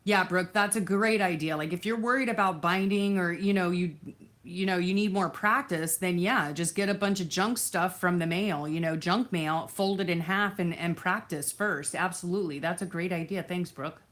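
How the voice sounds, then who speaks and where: Speaking at a normal speed in a lowish, fairly bright voice, a woman hosts a laid-back crafting livestream. She thanks viewers by name and answers comments amid lots of fillers and restarts, easily distracted and occasionally drifting off-mic.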